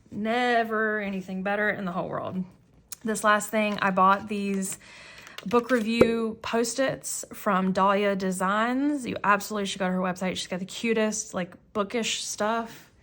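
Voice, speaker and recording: Her medium-pitched voice has a fairly bright tone. She's a planner vlogger in her thirties, leafing through her planner and talking casually in a rambling, self-mocking way, often restarting and using fillers.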